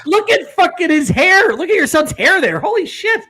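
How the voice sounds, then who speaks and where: Excitable high-voiced man. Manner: excitable, quick exclamations. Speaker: co-host. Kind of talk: casual chat.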